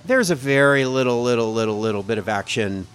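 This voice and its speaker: Man, middle-aged, podcast co-host, casual rambling storyteller, medium pitch. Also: animated, brisk, fairly bright tone, smooth, soft background music. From United States. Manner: rambling, self-mocking storyteller with laughs. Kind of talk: casual chat, telling a story. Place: pub.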